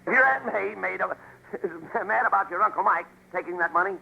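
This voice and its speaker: A man's voice: sits high, brisk, creaky. A man playing the indignant, scolding straight man in a 1940s radio comedy double act. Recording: muffled, noisy old radio broadcast.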